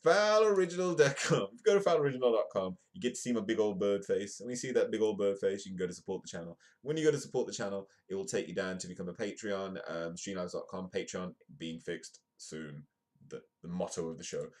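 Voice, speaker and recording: Reading newspaper items aloud on a comic live news show, this British male host keeps pausing for jokey asides. His voice sits low and carries a darkish tone.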